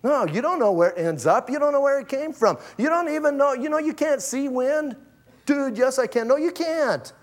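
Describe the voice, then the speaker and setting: A man preaching a lively, casual sermon full of slang and acted-out asides. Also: very high-pitched, fairly quick, hardly any pauses. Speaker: pastor.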